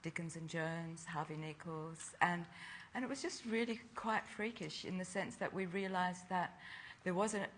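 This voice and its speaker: A woman's voice: fairly low pitch, moderate pace, hardly any pauses, a bit bright, a little hiss or hum. An older woman, a fashion designer, telling stories from her youth in a casual interview, laughing often. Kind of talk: casual chat.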